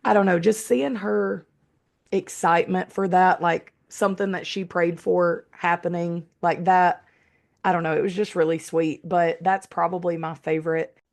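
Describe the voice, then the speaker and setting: Woman, 30s, podcast co-host, low gravelly voice, relaxed and sincere. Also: moderate pace. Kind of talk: casual chat.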